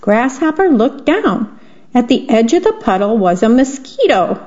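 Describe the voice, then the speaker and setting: A woman reads a bedtime story aloud for a radio broadcast, gentle and steady. Her voice sits a little high. The recording is dull and lo-fi. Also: a little slow. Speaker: volunteer radio reader.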